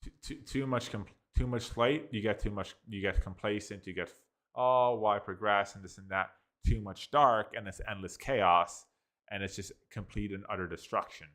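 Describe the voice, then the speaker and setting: A man's voice: lowish voice, normal speed, sharp tone. A man hosting a casual review, rambling with many restarts and filler words and sounding amused. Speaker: host reviewing an AI story app. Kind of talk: casual commentary.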